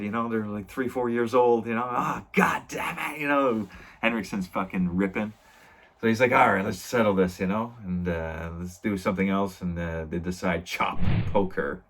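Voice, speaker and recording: A man giving a casual, rambling spoken review, filling his talk with "you know" and "uh", swearing now and then. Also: low-pitched. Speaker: video reviewer.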